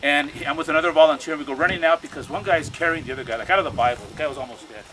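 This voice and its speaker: A man's voice: on the high side, very fast, pushed and bright. A man speaking to a crowd outdoors as an activist, telling stories in an urgent way and often repeating his words. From United States. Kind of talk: impassioned outdoor speech. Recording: noisy outdoor recording.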